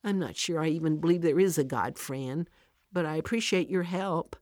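A woman's voice: low-pitched, moderate pace, a little mellow, dry recording, clean studio sound, natural voice. A woman voicing a worried single mother near tears in a told devotional story, her voice rising as she pleads. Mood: distressed.

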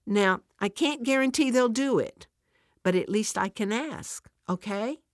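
A woman voicing a kind, caring churchgoing friend who speaks gently and reassuringly in a told story. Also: fairly high pitch, animated, unhurried, no room sound, clean studio sound, voice pushed up.

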